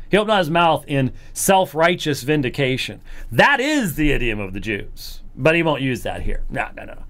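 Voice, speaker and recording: Man, animated, incredulous, apologetics commentary, a bit high-pitched. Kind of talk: commentary on a recorded lecture.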